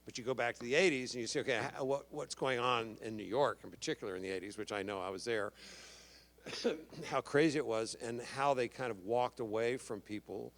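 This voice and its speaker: A man's voice: medium pitch, a little fast. A man in his sixties from Houston, a guest actor on a convention stage, telling rambling anecdotes and acting out the voices of people he quotes. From Houston, Texas, USA. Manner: animated, acts out quoted voices, rambling restarts. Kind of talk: anecdotal storytelling to a live audience.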